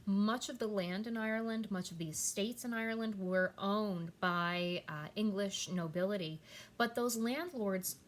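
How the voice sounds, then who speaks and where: A woman's voice: mid-range voice, unhurried. A woman teacher talking her students through a recorded lesson, with many "um"s and "okay?" check-ins. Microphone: computer mic at a keyboard.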